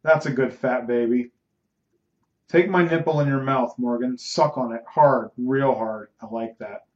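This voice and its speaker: A bossy, teasing young woman from an amateur audiobook, as a male reader puts her on. Her lines come in a middle-pitched voice, lightly lifted, and sound echoey and dull on a lo-fi recording. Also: unhurried, natural voice.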